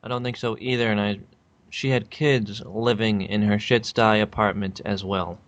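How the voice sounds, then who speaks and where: A man's voice: lowish voice, fairly even intonation, moderate pace. Mocking Boston man in casual podcast chat. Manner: mocking, crude, mimics the other's speech.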